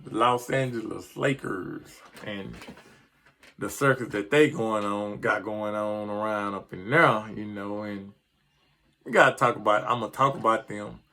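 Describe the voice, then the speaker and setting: A man's voice: on the low side, steady tone, unhurried, bright, forceful tone. A middle-aged man, ranting casually about his sports team in a rambling, frustrated way that trips over words. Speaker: sports vlogger.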